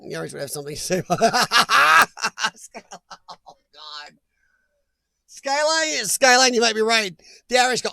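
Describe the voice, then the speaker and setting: A man's voice: extremely high pitch, animated, measured pace, vocal fry, pauses often, bright, forceful tone, dry recording. A middle-aged man hosting a live chat stream, rambling and joking as he reacts to viewers' comments.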